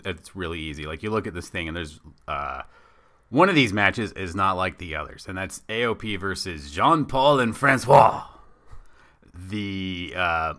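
A man co-hosting a casual wrestling chat, rambling and animated as he pitches ideas. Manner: rambling, animated, acts out bits in silly voices. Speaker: podcast co-host.

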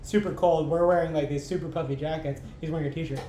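Higher-voiced male podcast host, echoey room. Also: fast talker. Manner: animated storyteller, laughs often, casual swearing. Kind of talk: casual chat. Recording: echoey room with faint rumble.

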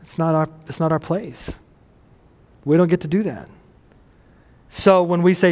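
Pastor, male, high tenor, casual sermon delivery with questions to the crowd, long hall reverb. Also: normal speed, long pauses, a little mellow. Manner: conversational, self-deprecating, asks the audience questions.

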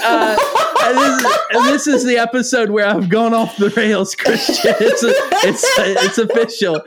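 A man's voice: sits high, normal speed, over a noisy crowd. A man co-hosting a podcast, chatting casually and telling fond stories with lots of laughter. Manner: animated, laughs often, fond storytelling. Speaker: podcast co-host. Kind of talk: casual chat.

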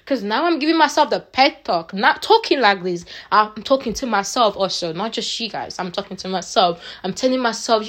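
A woman's voice: mid-range voice, animated, fairly quick, few pauses, fairly bright tone. A woman vlogger giving her viewers an earnest, faith-filled pep talk, emphatic and repetitive, often restarting her phrases.

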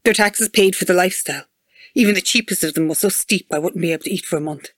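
A reader narrating a sci-fi story aloud in an even, measured way. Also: mid-range voice, dry recording. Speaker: manuscript reader.

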